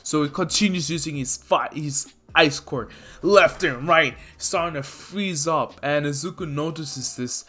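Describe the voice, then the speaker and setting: A man telling a fan-made story in a casual, rambling way. His voice is bright, and he leans on fillers and corrects himself mid-sentence. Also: fairly high pitch, a little slow. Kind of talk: casual fan-fiction narration.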